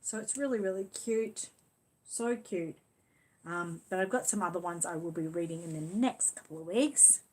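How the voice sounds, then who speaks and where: Reading viewer comments on her livestream, this middle-aged Australian host rambles in a casual, affectionately cooing way. She speaks at normal speed in a fairly low, slightly mellow voice.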